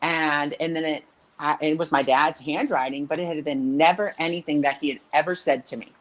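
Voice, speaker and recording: Animated woman telling stories, lower voice. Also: fairly quick, rough recording. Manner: animated, acts out quoted voices. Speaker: spiritual intuitive coach. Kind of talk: casual interview storytelling.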